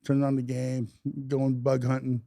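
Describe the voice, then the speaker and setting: Gravelly, sarcastic podcast co-host man. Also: mid-range voice, monotone, moderate pace, mellow, no room sound. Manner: dry, teasing, sarcastic. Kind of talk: casual gaming podcast chat.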